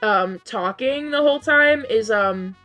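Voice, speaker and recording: A woman game streamer talks casually to her live chat while she plays, and her fairly high voice sounds strained and worn because she is losing it. She reads viewer messages aloud and often jumps into high, disbelieving exclamations. Soft game music runs quietly underneath. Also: unhurried, dull audio. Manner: chatty, reads and answers chat, jumps to high incredulous outbursts.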